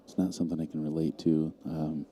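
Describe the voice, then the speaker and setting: A man's voice: extremely low pitch, little pitch movement, brisk, dark tone, a little hiss or hum. A man calling a live pool match in an easygoing, dry play-by-play manner. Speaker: pool commentator. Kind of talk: live stream commentary.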